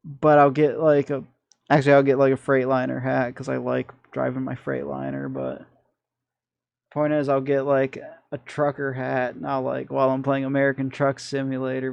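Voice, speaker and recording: A man's voice: mid-range voice, monotone, normal speed, creaky, a little mellow, no echo, dull audio. A man with a Michigan accent, streaming and chatting casually through his gameplay in a rambling, self-deprecating way.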